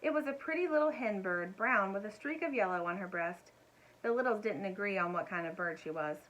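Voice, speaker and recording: Woman reading a kids' chapter book out loud, gentle and expressive, little asides to the listeners. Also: medium pitch, brisk, dull audio. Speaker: storyteller. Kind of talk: reading a children's book aloud.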